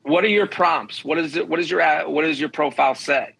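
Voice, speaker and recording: A comedian guesting on a podcast gives blunt, emphatic dating advice, often acting out what imagined people might say. His fairly high voice is fairly quick, husky and fairly bright, with vocal fry, heard on a low-quality recording.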